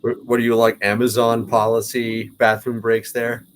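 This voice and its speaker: A man's voice: mid-range voice, completely flat delivery, normal speed, a little hiss or hum. A man co-hosting a podcast, chiming in with crude wisecracks in casual chat. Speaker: podcast co-host.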